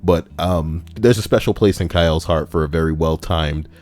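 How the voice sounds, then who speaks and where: Deep-voiced, profane male streamer. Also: moderate pace, darkish tone. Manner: profane, rambling, laughs at his own stories. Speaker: livestream host. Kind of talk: casual reaction stream chat.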